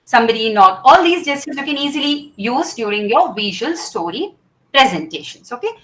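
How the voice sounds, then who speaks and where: A woman teaches a class about public speaking gestures, explaining step by step, acting out each one, and often checking with "okay?" Her voice is a little high, sing-song, fairly bright, and fairly quick, though the audio is poor.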